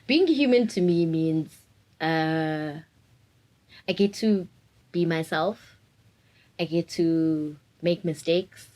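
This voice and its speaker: A woman's voice: lowish voice, a little slow, a little mellow, poor audio. A woman, talking openly and reflectively in an interview and laughing often. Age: 20s. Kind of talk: candid personal interview.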